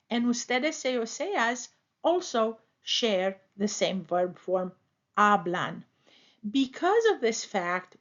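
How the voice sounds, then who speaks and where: A woman teaching a language lesson as a voice-over, explaining step by step in careful, deliberate phrases. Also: a little high. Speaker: Spanish teacher. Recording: dull lo-fi voice-over.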